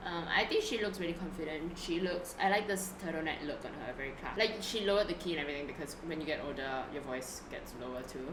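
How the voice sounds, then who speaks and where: A woman vocal coach in a casual chat, animated, laughing often and using many fillers. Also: sits low, fast, hardly any pauses. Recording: echoey room with steady background noise.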